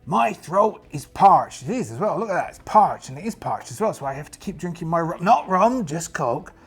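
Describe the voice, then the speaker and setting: A man's voice: a little high, big pitch swings, moderate pace, breathy edge, faint music behind. A man playing a solo tabletop game as a pirate, talking to the camera in a put-on pirate accent with playful, rambling jokes and asides.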